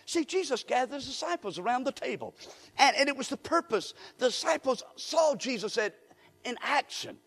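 A male pastor preaching a sermon in a church, with call-and-response and rising shouts. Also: extremely high pitch, expressive, moderate pace, husky, big-room sound. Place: church sanctuary.

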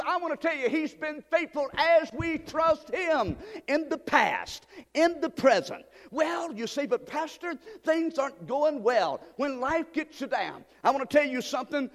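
A male pastor preaching a sermon, building up to fervent shouted passages. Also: extremely high pitch, animated, moderate pace, big-room sound, a little hiss or hum.

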